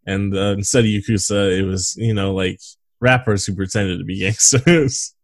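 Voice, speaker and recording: A man's voice: lowish voice, fairly even intonation, moderate pace, dry recording. A man co-hosting a casual movie podcast, reading from notes with lots of fillers and frequent laughs. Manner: laughs often, reads notes with filler words. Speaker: podcast co-host.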